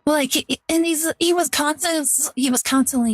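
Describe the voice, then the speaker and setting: High-voiced chatty young woman streamer. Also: moderate pace, few pauses. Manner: rambling, chatty, heavy use of "like". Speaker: VTuber streamer. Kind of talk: casual live-stream chat.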